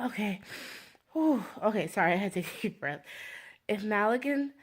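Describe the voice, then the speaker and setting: A woman book vlogger chatting casually to her phone, gushing and rambling, swinging between giddy excitement and near tears. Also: mid-range voice, normal speed, breathy edge. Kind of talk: casual fan vlog chat.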